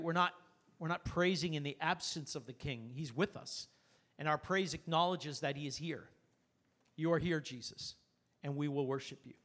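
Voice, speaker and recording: A man preaching a sermon as pastor, earnest and animated, with rhetorical questions. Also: a little high.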